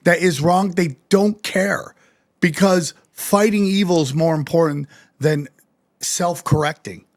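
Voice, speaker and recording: A man with a notably high voice hosts a casual podcast, ranting with animated, profane energy. He keeps acting out both sides of imagined exchanges. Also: measured pace. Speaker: podcast host.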